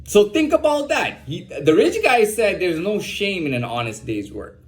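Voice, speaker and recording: A man's voice: high voice, big pitch swings, normal speed. A young man talking in a casual, rambling monologue, repeating words and often saying "man.". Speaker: host.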